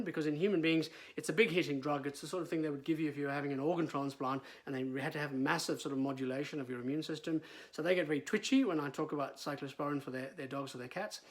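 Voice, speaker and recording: A middle-aged man, a veterinarian explaining in casual talk, with frequent fillers and repeated words. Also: fairly high pitch.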